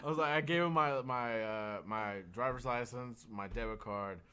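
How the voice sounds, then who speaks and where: A man's voice: mid-range voice, moderate pace, clear, resonant tone. A man in a casual podcast chat, telling a story with lots of laughing and swearing. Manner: animated, laughing, swearing a lot.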